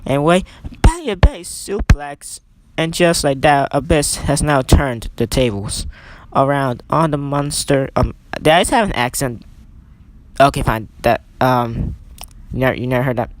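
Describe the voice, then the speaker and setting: A man's voice: mid-range voice, expressive, normal speed. A young man doing casual play-by-play commentary over a wrestling video game, rambling and correcting himself with chatty asides.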